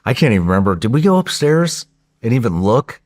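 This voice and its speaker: A man telling a story in a podcast interview in a casual, profane, excitable way, often restarting his sentences. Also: medium pitch, fairly quick, background noise.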